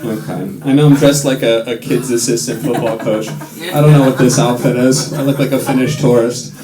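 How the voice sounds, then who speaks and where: An American man doing stand-up in a London comedy club, telling sarcastic jokes in a dry, deadpan way and slipping into quick put-on voices. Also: medium pitch, a crowd in the background. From United States. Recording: roomy club sound with loud audience laughter.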